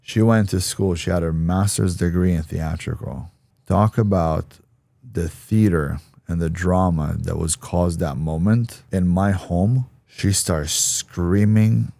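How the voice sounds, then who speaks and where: A man with a low, deep voice tells a candid personal story as a podcast guest. He talks frankly and swears now and then. The recording is dry and close, with no room sound. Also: unhurried, creaky, mellow, no room sound. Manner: frank, profane, acts out quoted voices.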